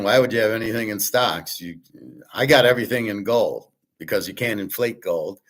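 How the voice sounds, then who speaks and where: A man's voice: lowish voice, a bit bright. A man commenting on a video clip in a blunt, dismissive way, swearing often. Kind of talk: casual reaction commentary.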